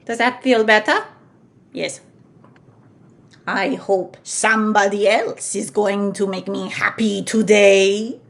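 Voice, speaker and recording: A woman's voice: medium pitch, fairly even intonation, creaky. A woman voicing an imperious, scheming witch queen with an exaggerated put-on foreign accent in a comedy impression. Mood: menacing, theatrical. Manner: theatrical, slow menacing commands with sudden shrieks. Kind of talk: live-stream comedy impression.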